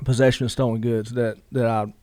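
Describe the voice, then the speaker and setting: A man's voice: medium pitch, little pitch movement, brisk, darkish tone, dry recording. A man, a guest telling a long story in a casual interview, rambling with lots of "you know" asides.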